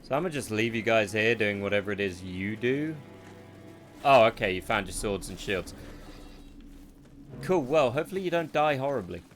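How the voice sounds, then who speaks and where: A man's voice: fairly low pitch, lively intonation, moderate pace, long pauses, soft background music. A man streaming a game, giving casual, sarcastic commentary and swearing freely as he plays.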